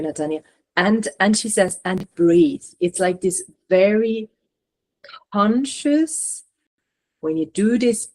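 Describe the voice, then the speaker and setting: Soft-spoken woman channeling messages. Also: mid-range voice. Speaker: spiritual channeler. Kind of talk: relaying messages in a live session.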